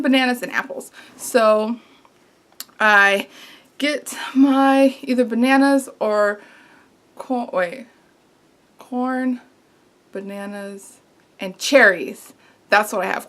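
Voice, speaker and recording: A woman vlogger telling a story in a casual, animated way, exasperated and acting out what was said. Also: on the high side. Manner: animated, exasperated retelling with quoted asides.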